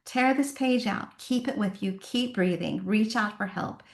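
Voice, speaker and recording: A woman's voice: medium pitch, measured pace, roomy sound. Earnest, encouraging woman on a laptop mic. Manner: earnest and encouraging, rambling with restarts. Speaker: author at a virtual book event. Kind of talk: heartfelt casual talk to an online audience. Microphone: laptop microphone.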